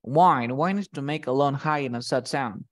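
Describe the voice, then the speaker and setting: A man's voice: mid-range voice, moderate pace. A man teaching vocabulary with acted examples. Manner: explains words with acted example lines, checks in often. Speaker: English teacher. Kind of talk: vocabulary lesson conversation.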